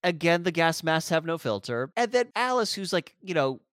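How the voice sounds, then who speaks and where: Guy snarking through a movie recap, kinda high voice, dry close sound. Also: sing-song, normal speed, fairly bright tone, clean tone, dry recording. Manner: sarcastic, exasperated. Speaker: podcast co-host. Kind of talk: casual movie-recap chat.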